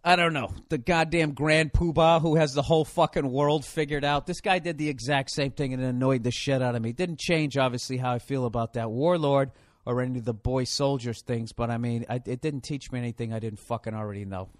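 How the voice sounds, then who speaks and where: A male comedian delivers a rambling, profanity-laced rant full of sarcastic asides. His voice sits at a middling pitch and sounds dry and close, with no room around it. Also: fairly quick, no echo. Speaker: comedian host. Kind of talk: ranting comedy monologue.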